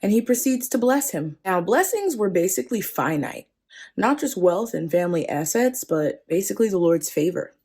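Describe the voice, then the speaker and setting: A woman's voice: mid-range voice, big pitch swings, normal speed, darkish tone, slightly rough. A woman hosting a podcast, casually retelling a Bible story with slangy, joking asides. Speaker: podcast host.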